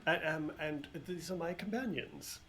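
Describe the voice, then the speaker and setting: A man's voice: fairly high pitch, normal speed, a bit bright, voice pushed up, lightly acted. A man voicing a male adventurer who speaks with over-polite, hesitant courtesy, over faint background noise. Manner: overly courteous, hesitant, stammering.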